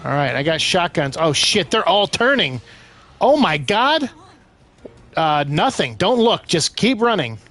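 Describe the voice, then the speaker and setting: A man with a slightly high voice chatting through a video game, breaking into loud excited bursts of exclaiming as the action heats up. Game music plays faintly behind his commentary. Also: a little slow. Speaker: gaming streamer. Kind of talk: casual let's-play commentary.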